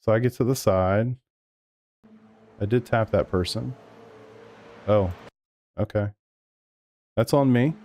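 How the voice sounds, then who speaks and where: A man's voice: fairly low pitch, takes it slowly, long pauses, a little mellow. A man streaming sim racing live, talking over race replays and arguing back at his chat with plenty of swearing. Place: home sim racing room.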